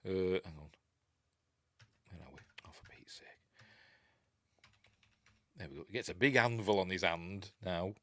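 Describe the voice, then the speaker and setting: A man's voice: sits low, unhurried, pauses often, a bit bright, no room sound. A man with a Yorkshire accent hosting a casual film review, rambling, chuckling and often losing his place.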